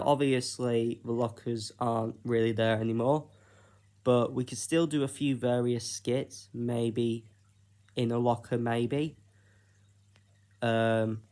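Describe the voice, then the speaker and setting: A man from Britain talks through a list of ideas in a relaxed solo vlog. He speaks at a slow, unhurried pace with a mid-range voice, often pausing and filling gaps with hesitant ums. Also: mid-range voice. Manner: unhurried, hesitant, with frequent fillers. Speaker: YouTuber.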